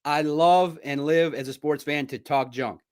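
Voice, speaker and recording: Middle-aged man, sports podcast host, slightly high voice, cocky trash-talk, repeats his lines. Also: steady tone, a little slow, clear, resonant tone. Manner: boastful, repetitive, trash-talking. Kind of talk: casual podcast monologue.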